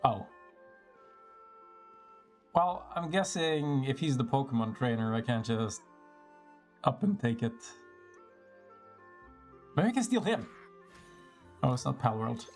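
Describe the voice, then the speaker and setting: A man's voice: mid-range voice, measured pace, long pauses, faint music behind. A man streaming a video game live, making sarcastic, joking comments and swearing freely.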